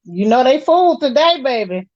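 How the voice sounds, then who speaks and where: A woman's voice: sits high, big pitch swings, normal speed, a little mellow, no echo, muffled recording. A woman guest on a casual panel chat, sassy, calling people baby and honey.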